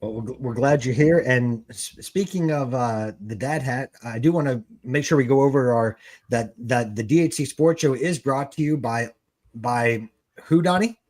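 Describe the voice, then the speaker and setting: A man hosting a casual sports talk show, loose and jokey, halting with fillers. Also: mid-range voice, darkish tone. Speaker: podcast host.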